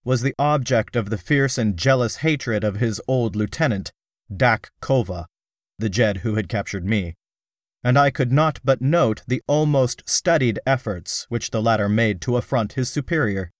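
A man's voice: mid-range voice, moderate pace, no room sound, clean studio sound. Man reading an adventure audiobook. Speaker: audiobook narrator. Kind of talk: scripted first-person narration.

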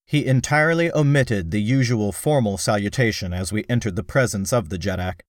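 A man narrating an adventure story in the first person, in a measured, dramatic reading. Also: lowish voice, no echo, studio quality. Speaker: audiobook narrator.

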